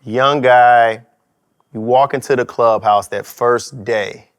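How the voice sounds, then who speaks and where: A man's voice: medium pitch, fairly even intonation, takes it slowly. A man co-hosting a casual interview, asking loose, rambling questions. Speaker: podcast co-host.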